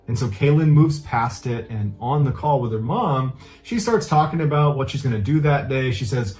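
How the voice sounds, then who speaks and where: Male true crime storyteller, mid-pitched, casual and earnest. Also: normal speed, few pauses, darkish tone. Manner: casual, earnest retelling with loose phrasing. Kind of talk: conversational storytelling.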